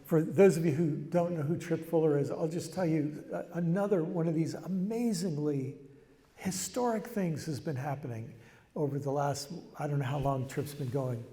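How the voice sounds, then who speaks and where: A man's voice: on the high side, moderate pace, dark tone, soft background music. An older man giving a reflective, conversational public talk, often restarting his phrases. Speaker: speaker. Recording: long hall reverb.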